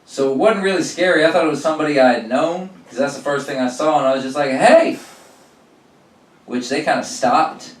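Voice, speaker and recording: A man's voice: on the high side, fast, few pauses. Profane man telling stories from a distance. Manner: profane, animated storytelling with acted-out quotes. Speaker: stand-up comedian. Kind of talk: stand-up storytelling. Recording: roomy sound from a distance.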